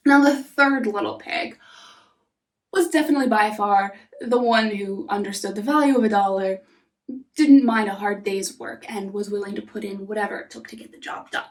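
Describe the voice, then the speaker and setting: A woman narrating a fairy tale softly, often dropping into a whisper. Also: mid-range voice, steady tone, recorded from a distance. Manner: soft, often whispering, unhurried. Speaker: storyteller. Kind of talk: storybook narration.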